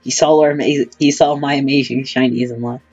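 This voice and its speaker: A man's voice: medium pitch, fairly even intonation, a little fast, gravelly, darkish tone, breathy edge, dull audio, faint music behind. A teenage boy chatting casually with a friend while playing a game, joking and trash-talking, his voice cracking often. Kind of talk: casual gaming chat.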